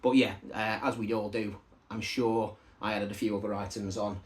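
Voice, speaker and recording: A man's voice: fairly low pitch, level tone, normal speed. A man chatting casually to camera as he unboxes records, rambling into side stories and asides. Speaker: record collector showing a parcel of vinyl albums.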